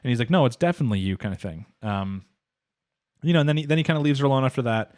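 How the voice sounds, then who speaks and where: Fast-talking man rambling through an anime recap. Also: mid-range voice, expressive, a little mellow. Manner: rambling, filler-heavy retelling with quoted lines. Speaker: podcast co-host. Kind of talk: casual anime recap chat.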